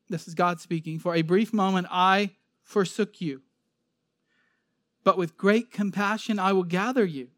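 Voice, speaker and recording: A man's voice: sits high, dry recording, clean studio sound. A man giving an expository sermon, reading scripture aloud and explaining it in an earnest, emphatic way. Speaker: preacher. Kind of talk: sermon, expository Bible teaching.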